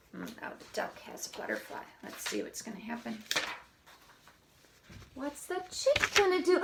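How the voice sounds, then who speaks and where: A woman reading a picture book aloud to young children in a slow, sing-song way, often asking questions. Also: sits high, huge pitch swings, vocal fry, slight background noise.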